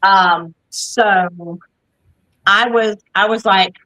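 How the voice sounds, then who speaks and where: A woman's voice: medium pitch, steady tone, drawn-out words, pushed and bright, rough recording. A woman from Alabama hosting a livestreamed book talk, chatting casually with fillers and restarts. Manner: chatty, with fillers and repeated starts. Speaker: host of a book discussion stream. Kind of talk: casual chat.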